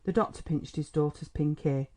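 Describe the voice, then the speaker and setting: A man narrating an old novel as an audiobook in a measured, even manner. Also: on the high side. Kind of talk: scripted narration.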